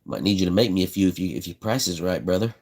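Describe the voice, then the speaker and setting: A man's voice: deep voice, fast talker, darkish tone, husky. Laid-back Southern man chatting while he works. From South Carolina. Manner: laid-back, drawling, repeats himself, chuckles often. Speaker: livestream host building fishing rods. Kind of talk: casual live-stream chat while working.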